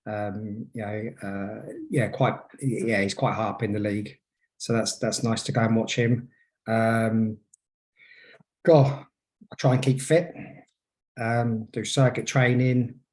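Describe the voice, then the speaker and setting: A man's voice: fairly low pitch, steady tone, slow pace, darkish tone. A man in his forties, a podcast guest telling stories in a hesitant way, full of ums and restarts. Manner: hesitant, filler-heavy storytelling. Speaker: guest, hypnotherapist. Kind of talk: casual podcast interview.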